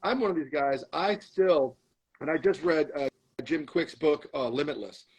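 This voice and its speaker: Husky middle-aged guy on a podcast, telling stories all worked up, plays both sides of an argument. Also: on the high side, moderate pace, rough recording. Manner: animated storyteller, acts out arguing with himself. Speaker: guest, comedian and actor. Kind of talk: storytelling in a podcast interview.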